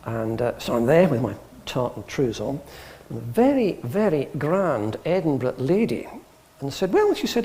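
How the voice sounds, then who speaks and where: A man's voice: mid-range voice, big pitch swings, moderate pace, dark tone. A middle-aged English man, an antiques expert, giving a talk to a live audience in a public hall, telling dry humorous anecdotes and acting out the dialogue. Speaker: guest speaker, antiques expert.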